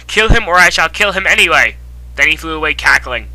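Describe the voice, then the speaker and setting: A man's voice: sits high, sing-song, pushed and bright, poor audio. A man reading fan fiction aloud in an exaggerated, mock-dramatic way. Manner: exaggerated, drawn-out reading that breaks into laughter. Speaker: co-reader.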